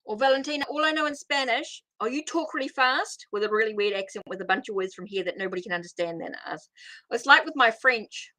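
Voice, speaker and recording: A woman's voice: a little high, quick pace, pushed and bright. A middle-aged woman hosting a casual live tarot stream, rambling as she greets viewers and answers their comments. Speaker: tarot reader hosting a livestream.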